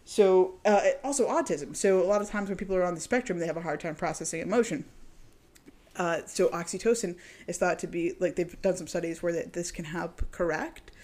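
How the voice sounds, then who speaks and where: A woman with a fairly low, darkish voice talks fairly quickly as a podcast co-host in a casual chat. She speaks loosely and chattily, laughs often and uses lots of fillers.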